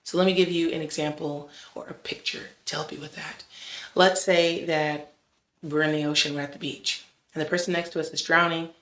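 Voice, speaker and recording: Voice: medium pitch, flat delivery, brisk, a bit bright. A host giving a casual devotional talk in a conversational way, often adding "like" and "right?". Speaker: faith vlog host. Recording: roomy echo.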